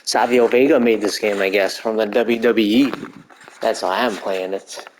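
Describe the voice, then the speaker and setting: A man casually commentating his gameplay, rambling and joking with crude swearing and excited outbursts while stretching. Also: on the low side, moderate pace, slight background noise, low-quality recording. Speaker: gamer commentating his play. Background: arcade game music.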